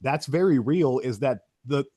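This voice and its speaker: A man hosting a casual podcast as a strongman coach, talking quickly and energetically. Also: mid-range voice, dark tone, no room sound.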